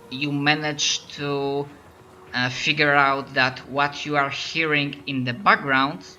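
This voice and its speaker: Slow, hesitant male game master. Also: a little high, pushed and bright. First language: non-native English speaker. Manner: slow, hesitant, many fillers. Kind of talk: running a tabletop game over voice chat.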